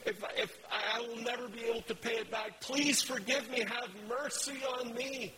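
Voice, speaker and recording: A man's voice: extremely high pitch, fairly even intonation, normal speed, a crowd in the background, pitched above the performer's own voice, rough recording. A man voicing a guilty male servant who pleads for mercy, stammering. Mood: pleading. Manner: begging, stammering.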